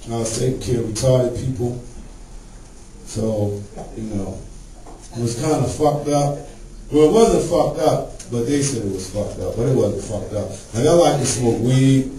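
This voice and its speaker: A man doing a stand-up set, telling profane stories and acting out the people in them with high voices. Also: dark tone, slight background noise. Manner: profane storytelling, acts out characters in high voices. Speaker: stand-up comedian. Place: comedy club stage. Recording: roomy club sound from a distance.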